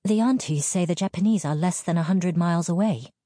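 A woman's voice: on the low side, fairly quick, warm tone, dry recording, clean studio sound, voice pushed up, natural voice. A woman voicing an anxious, outspoken young wife and mother, blunt and pressing. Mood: worried. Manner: blunt, pressing, raised and urgent.

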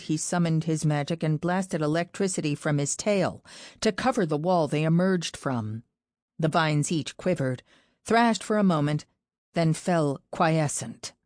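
Low-voiced woman narrating an audiobook. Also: a little mellow, dry recording, studio quality. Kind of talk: scripted fantasy narration.

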